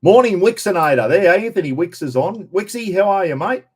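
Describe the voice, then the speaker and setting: A man's voice: high-pitched, expressive, brisk, husky. A middle-aged Australian man from Queensland hosting a livestream, chatting casually and answering viewer comments in a rambling, jokey, blokey way. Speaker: livestream host.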